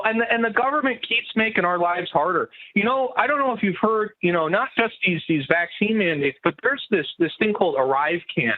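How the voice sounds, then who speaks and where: A man calling into a talk show, rambling and stumbling over his words with constant "you know"s. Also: sits high. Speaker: phone-in caller. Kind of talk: call-in talk show chat. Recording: tinny phone line.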